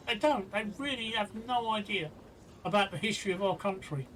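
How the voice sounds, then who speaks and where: A man's voice: high-pitched, lively intonation, brisk, fairly bright tone. A man hosting a live stream, talking earnestly and indignantly, often repeating himself. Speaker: host of a live stream show. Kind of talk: casual live-stream chat. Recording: distant from the mic with faint noise.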